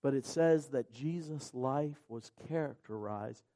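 Slow, fervent male preacher. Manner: builds from quiet, slow reading to loud, high-pitched preaching. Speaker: pastor. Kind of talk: sermon.

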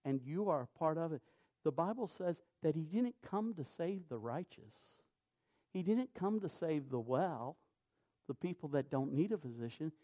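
A man preaching a sermon, reading scripture in a measured cadence and rising to loud, emphatic peaks. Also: a little high, expressive.

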